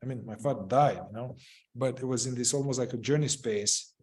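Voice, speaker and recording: A man leading a group, explaining a therapy method, halting and searching for words, often repeating phrases. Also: mid-range voice, a little mellow, slightly rough. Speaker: group facilitator.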